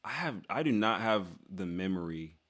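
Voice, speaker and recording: A young man with a slightly low voice chats loosely while reading out and answering viewer questions. He jokes a lot, leans on "dude" and "like", and often restarts his sentences mid-thought. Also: big pitch swings, moderate pace, a bit bright. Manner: loose and joking, lots of "dude" and "like", trails off and restarts. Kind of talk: casual Q&A chat.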